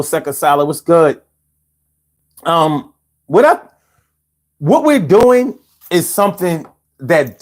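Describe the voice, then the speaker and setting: A man hosts a casual live stream and speaks straight to his chat, swearing freely as he rants. He takes his time, and his pitch jumps around a lot. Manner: profane, talks straight to viewers in chat. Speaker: livestream host.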